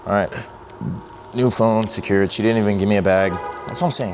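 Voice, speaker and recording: A man's voice: fairly low pitch, fairly even intonation, a little fast, noisy background. A young man vlogging in casual, rambling talk, joking around and swearing a lot as he drives and shops. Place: in a car, then in a shop and at home.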